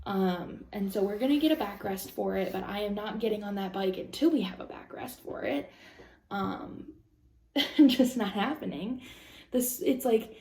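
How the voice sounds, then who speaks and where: A woman's voice: medium pitch, moderate pace, warm tone, roomy sound. A young woman vlogger telling a long personal story in a rambling, casual way with many fillers. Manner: rambling, lots of "like" and "um", anxious retelling.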